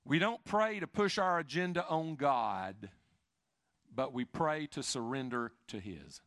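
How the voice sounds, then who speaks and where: A middle-aged man preaching a sermon, swinging from emphatic rises to quiet, intimate asides. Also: mid-range voice, unhurried, no echo, studio quality. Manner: expressive preaching, rising and dropping to soft, intimate asides. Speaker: pastor.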